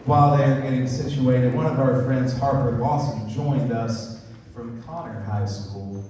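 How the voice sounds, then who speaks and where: A man's voice: medium pitch, steady tone, unhurried. A man who teaches choir, joking and chatting with the audience at a school concert. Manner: self-deprecating, playful, chatty. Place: large echoey concert hall. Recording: echoey hall, far-off mic, audience noise.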